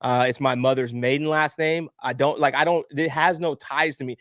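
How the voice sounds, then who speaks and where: A man's voice: on the high side, moderate pace, no echo, studio quality. A man, a podcast guest telling a personal story candidly and acting out the other voices. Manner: candid, animated storyteller, acts out quoted voices. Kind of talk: emotional storytelling interview.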